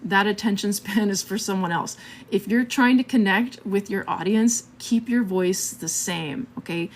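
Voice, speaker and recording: A woman's voice: medium pitch, a little slow. A woman hosting a live marketing stream, talking casually and a bit scattered, laughing often and checking in with "okay?".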